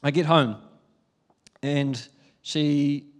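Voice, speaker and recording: Kiwi pastor guy, young, kinda high voice, chatty storytelling sermon, laughs a lot. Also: steady tone, very slow.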